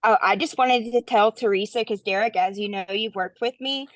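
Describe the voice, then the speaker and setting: A woman's voice: mid-range voice, normal speed, no room sound. A woman in a casual group session, speaking in an encouraging, supportive way. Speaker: workshop participant.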